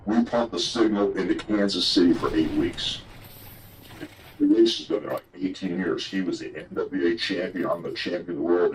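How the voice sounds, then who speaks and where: An older man with a deep, low-pitched voice spins loose, profane stories in a casual chat. A faint hiss of noise sits under his talk. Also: poor audio. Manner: profane, rambling yarn-spinner. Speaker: guest telling old stories. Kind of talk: casual storytelling.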